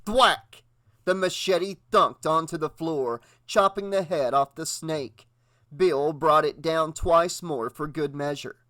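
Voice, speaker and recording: Guy narrating a horror audiobook, dramatic read, kinda high voice, no room echo. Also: a little slow, fairly bright tone.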